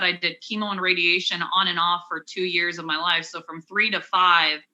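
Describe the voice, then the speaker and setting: Bright-voiced young woman, candid storyteller. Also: fairly low pitch, poor audio. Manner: candid and conversational, with many fillers and restarts. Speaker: interview guest, cancer survivor. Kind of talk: personal storytelling in an interview.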